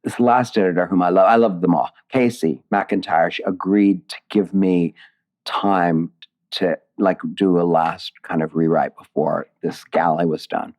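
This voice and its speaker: Man, middle-aged, very low voice, emotional talker who restarts sentences, interview guest. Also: measured pace. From United States. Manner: animated, emotional storytelling with many restarts. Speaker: guest, playwright and lyricist. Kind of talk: conversational interview.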